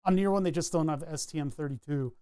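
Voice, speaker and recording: A chatty man talks through his soldering work in a casual, rambling way, thinking out loud about each connection. His voice sits a little high for a man. The sound is dry and close, with almost no room echo. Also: fast talker, smooth. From New England. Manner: chatty, rambling, self-narrating as he works. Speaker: electronics hobbyist streamer. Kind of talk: casual talk while soldering.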